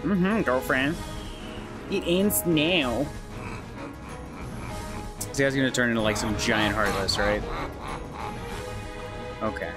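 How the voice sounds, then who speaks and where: A young man giving casual commentary over a let's play, excitable and jokey, prone to profane outbursts. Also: medium pitch, moderate pace, long pauses, music in the background.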